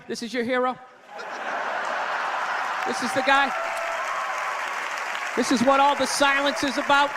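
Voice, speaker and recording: A man doing a stand-up comedy set, ranting loudly and swearing. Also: very high-pitched, steady tone, normal speed, long pauses, crowd noise. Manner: loud ranting delivery, swearing. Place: stage in a large venue. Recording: reverberant hall with live audience. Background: audience laughter and faint hiss.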